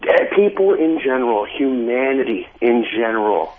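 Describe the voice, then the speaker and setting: A man's voice: medium pitch, big pitch swings, moderate pace. Male phone caller, earnest and pleading, tinny phone line, faint hiss. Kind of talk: call-in chat. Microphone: telephone.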